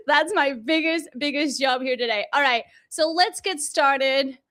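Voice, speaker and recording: Woman, high voice, bubbly and effusive, live-streamed class, home kitchen, webcam mic. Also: animated, takes it slowly, fairly bright tone. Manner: bubbly and effusive, gushing, laughs often. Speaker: online coach teaching a live class.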